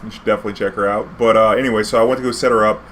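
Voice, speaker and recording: A man's voice: fairly low pitch, fairly even intonation, rapid-fire, fairly bright tone, slight background noise. A man, a former cab driver, telling a rambling story in a casual vlog with plenty of slang and fillers. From New Orleans. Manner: laid-back, rambling, heavy use of fillers and slang.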